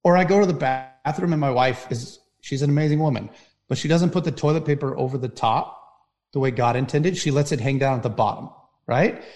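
A middle-aged man, a firefighter, telling stories in an animated way and often asking "right?". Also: mid-range voice, fairly quick. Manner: animated storyteller, frequent "right?" tags. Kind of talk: storytelling talk.

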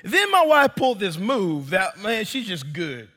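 A pastor in his thirties preaches a sermon in church, animatedly telling a story and calling the congregation "y'all." His high, sing-song voice is unhurried, pushed and bright, and it carries a big-room sound.

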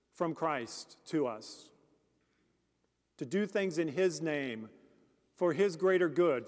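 A man's voice: on the high side, a little mellow. A man preaching a sermon as a deacon, earnest and speaking directly to the congregation with questions. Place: church. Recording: long church reverb.

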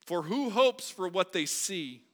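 A man preaching a sermon as a pastor, moving between quiet reflection and loud, emphatic delivery. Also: high voice, lively intonation, unhurried. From United States. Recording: long hall reverb.

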